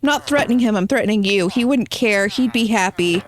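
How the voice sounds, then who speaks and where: A woman live-streaming a game, talking to her chat in a loose, chatty way. She jokes, teases viewers and rambles on between moves, at a middle pitch for a woman. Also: brisk. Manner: chatty, playful, teasing chat and reading out messages.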